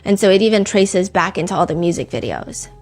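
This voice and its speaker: A woman hosts a true-crime podcast in a relaxed, conversational voice of middling pitch. She talks as if to a friend, with plenty of filler words, and she often stops to read quotes aloud. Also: a little fast. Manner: chatty, filler-heavy, reads quotes aloud. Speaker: podcast host. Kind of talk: casual true-crime storytelling.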